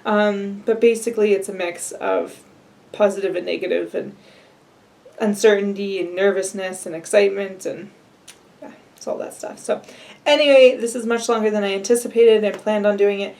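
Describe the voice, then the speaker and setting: Young woman, casual vlogger, rambling, slightly gravelly tone. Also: mid-range voice, moderate pace, darkish tone. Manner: rambling and chatty, laughing now and then. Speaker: adoption vlogger. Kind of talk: casual solo vlog update.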